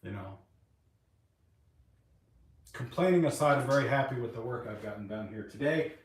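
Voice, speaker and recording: A man's voice: mid-range voice, animated, moderate pace, slight background noise. Profane, rambling man in an echoey shop. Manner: rambling, profane, venting frustration. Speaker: webcam channel host. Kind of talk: casual live-stream talk while working. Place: private workshop, indoors. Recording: echoey room, mic far off.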